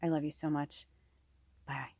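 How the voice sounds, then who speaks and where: A woman's voice: low voice, level tone, unhurried, darkish tone, dry recording. Woman doing a tarot reading for viewers, rambly and gushy, lots of "like, you know", dry close sound. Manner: chatty and rambling, gushing, with many fillers. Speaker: tarot reader and medium.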